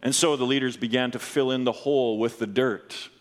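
Earnest preacher man in a reverberant hall. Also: steady tone. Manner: earnest storytelling preacher, drops low and slow for solemn moments. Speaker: pastor. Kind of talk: sermon.

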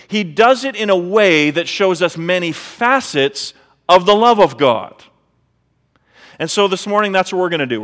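High-voiced man preaching in a reverberant hall. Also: a bit bright. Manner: conversational preaching with rhetorical questions. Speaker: pastor. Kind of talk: sermon.

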